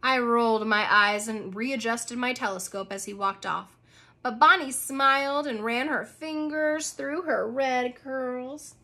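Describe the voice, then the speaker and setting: A woman's voice: a little high, measured pace, bright, forceful tone. A woman reading a children's book aloud in an informal way, with occasional slips and restarts. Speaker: reader.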